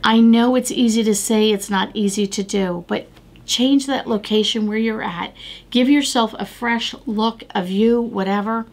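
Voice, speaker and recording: A woman's voice: fairly high pitch, fairly even intonation, unhurried, a little mellow. A middle-aged woman hosting a devotional podcast, talking earnestly and exhorting listeners with repeated phrases. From United States. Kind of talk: devotional talk.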